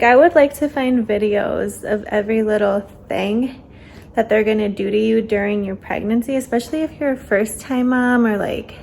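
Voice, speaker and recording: A woman's voice: on the high side, a little mellow, slight background noise. A young woman vlogging in a chatty, candid way, a little out of breath. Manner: chatty and candid, with many fillers. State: slightly out of breath. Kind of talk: casual vlog chat.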